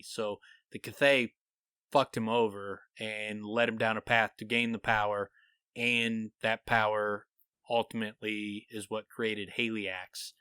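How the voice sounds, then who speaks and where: Podcast guy talking through book theories, low pitch, bright clear voice, animated. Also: dry recording. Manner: animated, thinking out loud, retelling book scenes. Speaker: podcast co-host. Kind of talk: casual podcast discussion.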